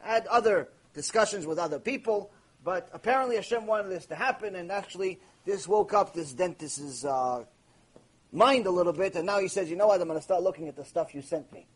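Male rabbi for a lecture. Fairly high voice, slightly husky, emphatic storyteller who fires off rhetorical questions. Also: a little fast. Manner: emphatic, animated anecdote telling with rhetorical questions.

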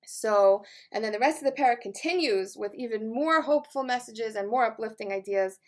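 A woman's voice: a little high, a little fast. A woman teacher and life coach giving a Torah lesson on a psalm, earnest and conversational, with casual fillers.

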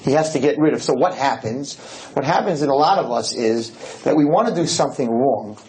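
Animated storytelling rabbi, man. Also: medium pitch, a little fast, a little hiss or hum, rough recording. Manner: animated, acts out dialogue, sprinkles in Hebrew and Yiddish terms. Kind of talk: storytelling lecture to an audience.

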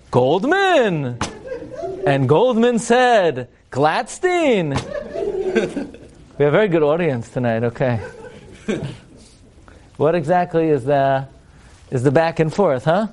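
Torah teacher, male, fairly high voice, chants verses then quips, live class. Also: moderate pace, pauses often, background noise. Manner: rhetorical questions, wry humorous asides. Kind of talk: lecture to a live audience.

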